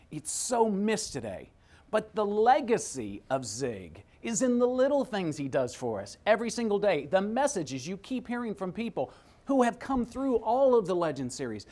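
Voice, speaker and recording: Animated, excitable male storyteller. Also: sits high. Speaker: guest. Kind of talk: storytelling in a webcast interview.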